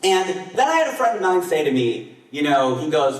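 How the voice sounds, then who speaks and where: Animated man doing stand-up in an echoey hall. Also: moderate pace, distant mic. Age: 40s. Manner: animated, with jumps up in pitch and volume on punchlines. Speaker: stand-up comedian. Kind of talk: live stand-up comedy set. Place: festival stage before a live audience.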